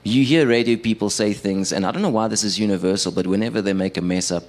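A young South African man with a low voice doing stand-up comedy on a live stage. He talks conversationally with the crowd and pokes fun at himself. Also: fast, a little mellow. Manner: self-deprecating, conversational with the audience. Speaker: stand-up comedian and radio producer.

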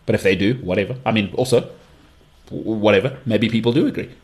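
A man with an English accent hosting his own podcast alone, giving strong opinions and often leaping into high-pitched mocking outbursts. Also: quick pace, a little mellow. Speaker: podcast host. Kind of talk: solo podcast monologue.

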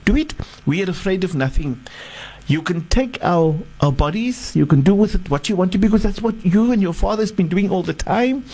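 A man's voice: high-pitched, animated, brisk, darkish tone. A man voicing converted magicians who boldly defy a tyrant with fervent conviction. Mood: fervent defiant. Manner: bold, fervent defiance. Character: defiant group of converted male magicians.

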